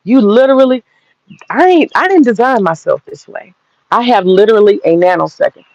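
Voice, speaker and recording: A woman's voice: fairly high pitch, animated, fairly quick, a little mellow, no echo, dull audio. A woman in her forties telling a personal story straight to viewers, blunt and profane, laughing through it. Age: 40s. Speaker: vlogger.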